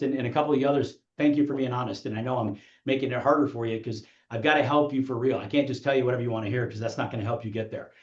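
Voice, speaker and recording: A man coaching real estate agents in a motivational training talk, firing rhetorical questions at the audience and acting out clients. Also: medium pitch. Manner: rapid-fire rhetorical questions, acts out clients. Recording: echoey, dull room sound.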